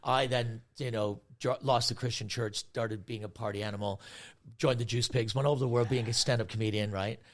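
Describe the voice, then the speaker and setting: A man in his forties, a guest comedian, telling a story in an animated way, swearing freely and acting out other people's voices. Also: mid-range voice, a little fast. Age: 40s. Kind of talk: casual storytelling.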